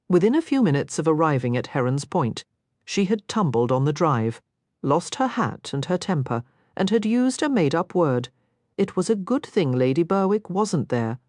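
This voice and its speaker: Brief: low, expressive woman narrator, dry studio sound. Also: no echo. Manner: expressive, voices each character. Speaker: audiobook narrator. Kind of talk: audiobook narration.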